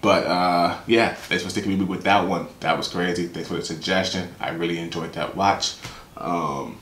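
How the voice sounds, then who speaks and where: A young man hosting a reaction video in casual slangy commentary, excited and hyped. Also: low voice, normal speed, a little hiss or hum. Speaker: reaction channel host. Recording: echoey room with loud music. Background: anime opening music playing.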